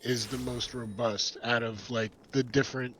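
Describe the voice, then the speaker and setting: A man's voice: mid-range voice, steady tone, normal speed, a bit bright, a little hiss or hum, poor audio. A man chatting casually on a stream, hesitant and often restarting his sentences. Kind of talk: casual chat on a live stream.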